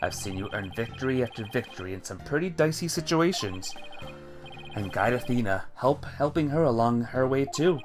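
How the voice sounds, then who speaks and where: A man voicing a calm, reassuring male mentor who speaks in a steady, measured way. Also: mid-range voice, music in the background, natural voice.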